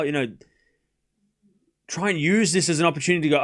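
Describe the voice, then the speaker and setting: A man's voice: on the high side, quick pace, pauses often, a bit bright. A man hosting a live tennis watchalong stream, rambling casually with lots of "you know" and restarts. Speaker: host.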